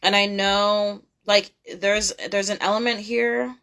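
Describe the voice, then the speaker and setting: A woman's voice: medium pitch, flat delivery, slow pace, hardly any pauses, a bit bright, smooth. A young woman giving a casual tarot reading, blunt and profane, repeating her points emphatically. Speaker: tarot reader.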